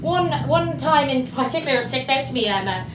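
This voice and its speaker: A woman's voice: high-pitched, expressive, fairly quick, noisy background. A young Irish woman with a Dublin accent doing a chatty stand-up set, laughing at her own jokes on a club stage. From Ireland. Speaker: stand-up comedian. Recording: echoey club from far off. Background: loud laughing crowd.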